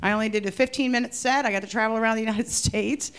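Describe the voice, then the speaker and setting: Female comedian, live interview guest, wry and self-deprecating, loud bursts. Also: a little high, steady tone, fast, slight background noise. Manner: wry, self-mocking, shouts quoted outbursts.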